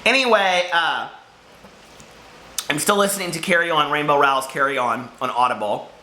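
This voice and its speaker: Here a book vlogger, hot and overheated, casually chats about what he read this week, giggling as he rambles. The voice sits on the high side with a sharp tone, moves at a moderate pace, and the recording is reverberant.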